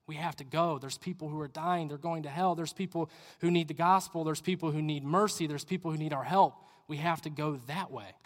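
A man voicing a gentle, urgent leader who softly pleads with a follower to move forward, in a hushed tone. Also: fairly high pitch, fairly even intonation, brisk, big-room sound, close to an everyday voice. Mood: hushed pleading.

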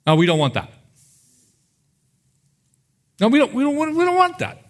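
A man's voice: extremely high pitch, wildly swooping pitch, moderate pace, voice pushed up, full character voice. A male preacher voicing a grumbling ancient crowd of people in a whiny, complaining tone. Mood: whining.

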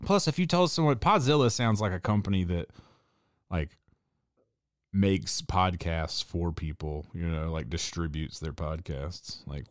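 Young male podcast host, low voice, dry close sound, rambling and profane. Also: unhurried, no room sound. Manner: rambling, profane, laughing asides. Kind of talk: casual chat.

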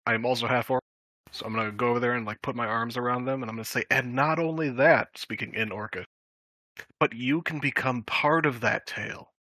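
A man's voice: mid-range voice, steady tone, brisk, pushed and bright, no room sound, poor audio. A man playing a tabletop game, speaking persuasively in character, a little away from the mic. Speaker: player.

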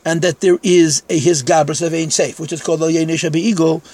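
A man's voice: on the high side, fairly even intonation, a little fast, a little mellow. A man teaching a text-study lecture in Yeshivish English, conversational, with frank self-deprecating asides.

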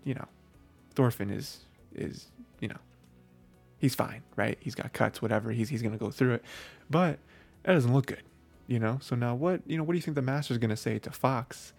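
A man hosting a podcast, recapping anime episodes in a rambling, excitable way full of filler phrases. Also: medium pitch, moderate pace, gravelly, long pauses, soft background music. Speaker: podcast host.

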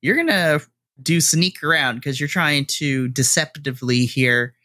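A man's voice: fairly high pitch, expressive, unhurried, pushed and bright. A man running a tabletop game as game master, laughing often and rambling. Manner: giggly, rambling.

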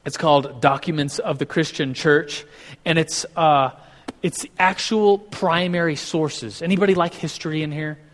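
A male pastor teaches a casual sermon in a slightly high, a bit bright voice at normal speed. He speaks conversationally, often restarts sentences, and acts out what people say, all within long hall reverb.

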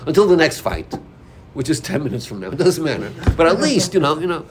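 A man's voice: a little high, sing-song, quick pace, heavy background noise. A man teaching an informal Torah class, acting out inner voices and dialogues as he explains.

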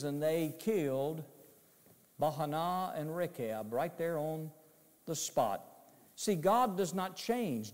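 A man's voice: on the high side, darkish tone, in a large hall. A man preaching a sermon to his congregation, emphatic and repetitive, telling the story dramatically.

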